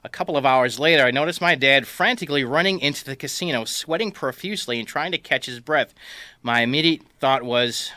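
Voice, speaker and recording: A man reading a comic personal story aloud in a wry, deadpan way. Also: mid-range voice, a little fast, no echo.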